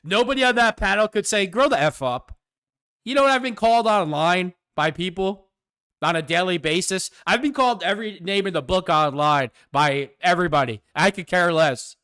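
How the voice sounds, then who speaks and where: A man's voice: high-pitched, a little fast, pushed and bright, clean tone, dry recording, studio quality. A man hosting his own show, delivering a sarcastic, combative political commentary rant. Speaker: host.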